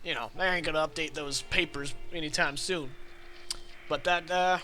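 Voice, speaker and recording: A man's voice: a little high, steady tone, moderate pace, sharp tone, soft background music. A man voicing a weary, dry-humored frontier gunsmith with a folksy drawl and hesitant fillers. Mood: grim.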